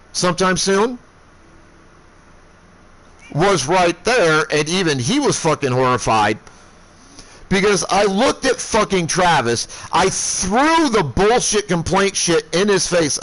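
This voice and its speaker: Profane high-voiced man ranting. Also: very animated, slow pace, long pauses, poor audio. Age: 30s. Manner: profane, heated retelling, shouting when angry. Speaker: streamer. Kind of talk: casual storytelling to stream.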